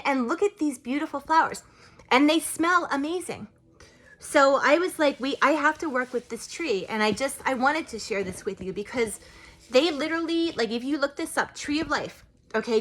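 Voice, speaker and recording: A woman's voice: high-pitched, a bit bright. A woman who owns a witchcraft shop, talking in a casual vlog with enthusiastic, rambling speech full of fillers.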